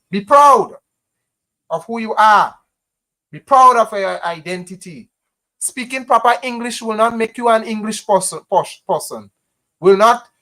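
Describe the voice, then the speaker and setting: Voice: medium pitch, a bit bright. Impassioned Grenadian live-streamer. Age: adult parent. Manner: impassioned, repetitive, heavy use of "you know". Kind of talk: casual live-stream talk to viewers.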